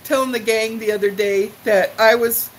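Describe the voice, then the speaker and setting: A woman's voice: on the high side, steady tone, normal speed, a little hiss or hum, rough recording. An older woman chatting live with her viewers, emotional and tearful as she gushes her thanks. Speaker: livestream vlogger. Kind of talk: casual live chat with viewers.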